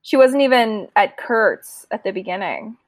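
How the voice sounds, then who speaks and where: A woman's voice: mid-range voice, animated, a little slow, no room sound. A tired, yawning woman co-hosting a casual chat, recorded close and dry with no room sound. She agrees easily and fills in details as she goes. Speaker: podcast co-host.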